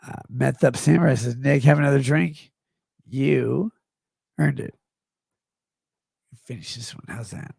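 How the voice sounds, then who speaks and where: A middle-aged man livestreaming, reading chat comments aloud in a slurred, rambling way that swings between mumbles and loud outbursts. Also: medium pitch, unhurried, pauses often, dry recording, studio quality. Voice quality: gravelly. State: drunk.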